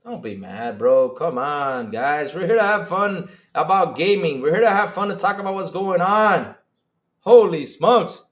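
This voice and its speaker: A man hosting a live stream, reading chat aloud and reacting with excitable disbelief and frequent laughter. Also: a little high. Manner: excitable, incredulous, laughing, rapid swings in loudness.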